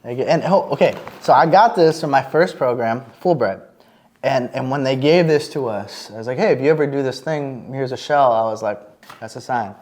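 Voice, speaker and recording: A man chatting as a podcast guest, a lively storyteller with plenty of fillers and restarts. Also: mid-range voice, moderate pace. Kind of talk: casual interview chat.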